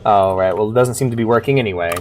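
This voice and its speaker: A man streaming a video game, chatting casually, swearing and reading in-game logs aloud in bursts of excitement. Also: lowish voice, quick pace, a little hiss or hum.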